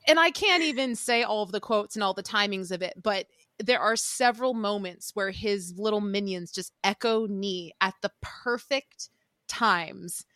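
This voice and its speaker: A woman's voice: medium pitch, normal speed, a bit bright, dry recording, clean studio sound. A woman co-hosting a podcast, chatting casually about a film and acting out its lines in playful voices. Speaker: podcast co-host.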